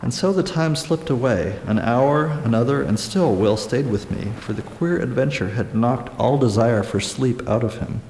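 A man reads a story in a measured, even storytelling voice of ordinary pitch. The room is echoey, with reverb that lingers long after each line, and a faint hiss sits under it all. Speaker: audiobook narrator. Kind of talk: scripted story narration.

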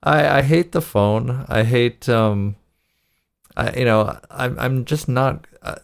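A man hosting a podcast, speaking halting and unsure, with plenty of fillers and restarts, at a middling pitch. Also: creaky. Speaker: podcast host. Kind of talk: casual conversation. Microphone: Skype call.

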